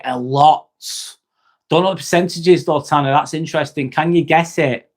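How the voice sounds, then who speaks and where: His voice is a little high and fairly quick. The speaker is a man in his 40s, a nurse hosting a livestream, who chats with viewers in a blunt, casual way full of "um" and "mate."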